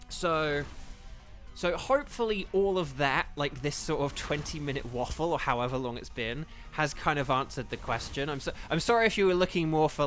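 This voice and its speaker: A man's voice: a little high, fairly bright tone. A young man chatting casually on a live game stream, rambling with lots of fillers and apologies, speaking into a desk microphone at home.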